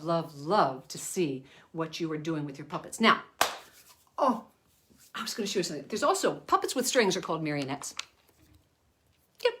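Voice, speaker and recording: A woman's voice: low-pitched, a bit bright. An older woman, a children's entertainer, giving a chatty, rambling puppet-making lesson with frequent self-corrections.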